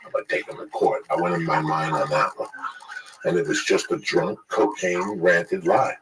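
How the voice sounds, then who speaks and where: A man's voice: low voice, steady tone, normal speed, a loud crowd. A man in his sixties in casual chat, telling rambling, profane stories as a podcast host. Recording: distant mic with loud background noise.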